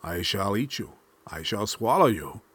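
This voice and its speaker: A crafty coyote trickster, voiced by a man reading a folk tale. His voice sits low and husky, dropping quieter and breathier when he schemes, and turns commanding when he gives orders. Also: expressive, unhurried, exaggerated voice. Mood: boastful. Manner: boastful, commanding.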